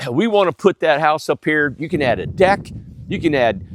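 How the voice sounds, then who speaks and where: A man with a head cold talks through a nasal voice, which sits a little high. He gives a plainspoken, folksy tour of building lots, pitching them to viewers. He is outdoors on a windy ridge with faint wind behind him. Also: big pitch swings, moderate pace. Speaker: home builder giving a property tour. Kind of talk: casual sales walkthrough.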